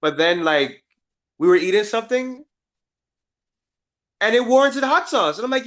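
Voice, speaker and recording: A man co-hosting a podcast in casual chat, playful and joking, quick with his reactions. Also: high voice, expressive, fairly bright tone. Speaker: podcast co-host.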